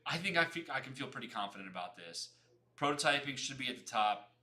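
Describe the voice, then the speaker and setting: A young man hosts a casual livestream, his voice bright and forward. He talks fast, repeats phrases and chats straight to his viewers. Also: mid-range voice, very animated. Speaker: livestream host.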